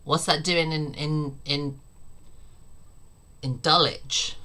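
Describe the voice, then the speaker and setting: A woman's voice: deep voice, fairly even intonation, takes it slowly, bright, forceful tone. A woman streaming her reactions to videos, mocking and sarcastic, swearing and laughing often.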